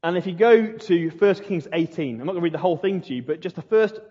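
A man's voice: high-pitched, expressive, quick pace, dark tone, breathy edge. A male pastor preaching a sermon, retelling a story in an earnest, emphatic way. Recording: dull lo-fi recording in a reverberant hall.

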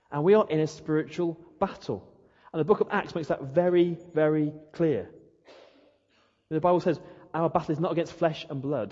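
A man's voice: on the high side, mellow, breathy edge. A man preaching a sermon, acting out questions and prayers in a rhetorical way. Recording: dull echoey hall.

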